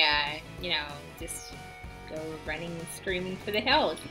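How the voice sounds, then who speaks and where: A woman hosting her own oracle card vlog, talking casually to the camera with gentle encouragement and stumbling over her words in bloopers. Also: lowish voice, unhurried, soft background music. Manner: gentle, encouraging sign-offs. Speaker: oracle card reader and channel host.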